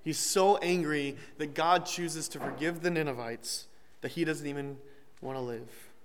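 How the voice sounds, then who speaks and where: A young man preaches in a slightly higher voice, talking through scripture casually with the odd joke and self-correction. His voice rings out with a long reverb tail, as though recorded in a big church hall. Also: measured pace, slight background noise. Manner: conversational, with restarts and light humor. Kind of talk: sermon.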